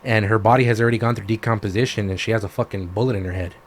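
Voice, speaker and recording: A man co-hosting a podcast, retelling a story in casual chat, animated and swearing freely. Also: on the low side, racing, slight background noise. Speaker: podcast co-host.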